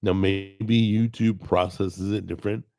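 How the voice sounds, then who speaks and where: A middle-aged man with a gravelly, strained voice talks unhurriedly into a desk mic, rambling in a plainspoken, self-deprecating way. His pitch sits low, with a rough, crackly grain throughout. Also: steady tone, a little slow, a little mellow. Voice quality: gravelly, strained voice from a paralyzed vocal cord. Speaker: cooking show host. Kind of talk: casual chat to camera. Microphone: desk microphone recorded over a video call.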